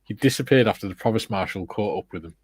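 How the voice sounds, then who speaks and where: A man's voice: lowish voice, fast, darkish tone, breathy edge, dry recording. A man hosting a live stream, reading viewers' chat comments aloud and adding dry quips.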